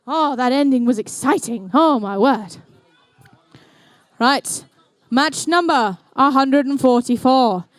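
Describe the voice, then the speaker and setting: A woman with a New Zealand accent emcees an indoor robotics competition, giving playful, chatty live commentary with jokey asides to the teams and crowd. Her high voice takes things slowly, and the recording is dry.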